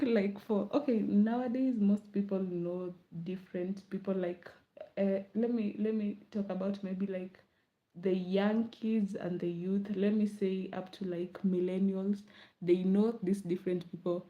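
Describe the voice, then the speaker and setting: A young Kenyan woman, a vlogger with a Kenyan accent, chats casually late at night, rambling, laughing, and often sinking into a soft murmur. Her pitch is medium and the audio sounds dull.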